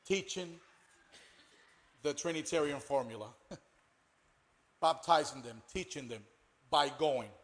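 A man's voice: fairly high pitch, animated, takes it slowly, long pauses, a bit bright. A man, a pastor, explaining scripture emphatically and repeating his key point. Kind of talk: sermon-like discussion.

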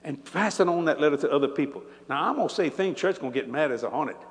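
A man's voice: on the high side, expressive, quick pace. An older man preaching a sermon, telling stories animatedly and laughing along as he goes. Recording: church hall reverb.

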